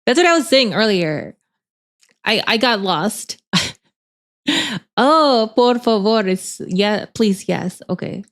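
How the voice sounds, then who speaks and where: A woman's voice: medium pitch, animated, slow pace, pauses often. A woman streamer in casual chat, rambling and chatty, laughing often with lots of filler words.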